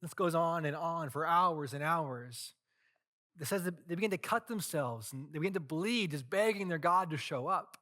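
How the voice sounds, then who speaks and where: Bright-voiced male pastor storytelling. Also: fairly high pitch, moderate pace. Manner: casual, animated retelling. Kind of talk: sermon with storytelling.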